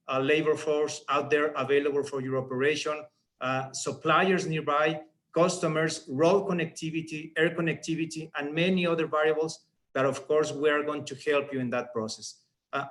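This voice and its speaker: A man's voice: on the high side, a bit bright. A man presenting as a regional director, earnest and persuasive, stressing key points. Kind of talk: business presentation.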